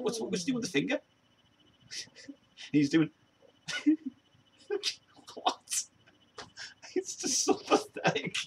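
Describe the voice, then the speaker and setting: A man's voice: mid-range voice, creaky, a bit bright, slight background noise. A man hosting a casual chat show, rambling with many restarts and laughing often. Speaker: show host.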